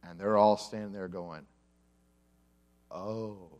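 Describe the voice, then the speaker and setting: A man's voice: medium pitch, moderate pace. A male pastor giving a conversational sermon to a congregation, telling the story with humor and acting out the characters. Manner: animated storyteller, acts out quotes with humor. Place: church service before a congregation.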